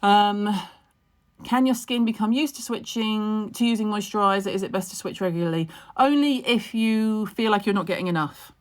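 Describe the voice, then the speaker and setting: A woman giving brisk, frank skincare advice in a casual livestream Q&A, chatty and full of ums. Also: mid-range voice. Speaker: skincare expert answering viewer questions. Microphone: phone on a livestream.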